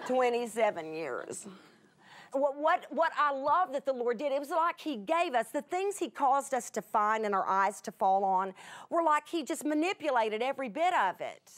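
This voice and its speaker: A woman's voice: high-pitched, expressive, moderate pace. A middle-aged woman, telling an emotional personal story in a folksy, chatty way that turns tearful at times. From United States. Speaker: Bible teacher guest.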